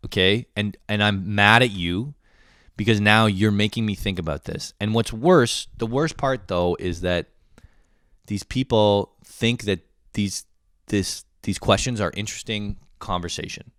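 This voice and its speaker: A man's voice: on the low side, animated, normal speed, no echo, studio quality. Profane rambling man, late twenties. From Canada. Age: late 20s. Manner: profane, rambling, self-mocking. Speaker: podcast host. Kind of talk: casual monologue.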